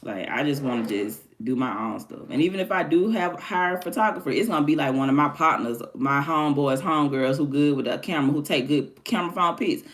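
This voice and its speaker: A woman's voice: sits low, fairly quick, few pauses. A woman hosting her own stream, chatting candidly and animatedly in casual slang. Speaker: livestream host. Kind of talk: casual chat.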